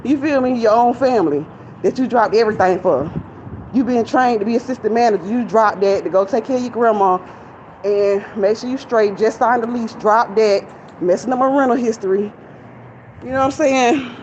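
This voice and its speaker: A woman's voice: a little high, moderate pace, darkish tone. A young woman, rambling casually and candidly to viewers while out of breath on a walk. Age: young adult. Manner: chatty, candid, venting to viewers. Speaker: vlogger. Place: outdoors near a shopping center. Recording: lo-fi phone audio, traffic noise.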